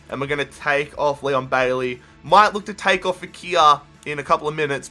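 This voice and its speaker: High bright-voiced gamer man. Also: a little hiss or hum. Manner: swings from muttering to shouting at goals. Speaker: gaming YouTuber. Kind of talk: excited play-by-play gaming commentary.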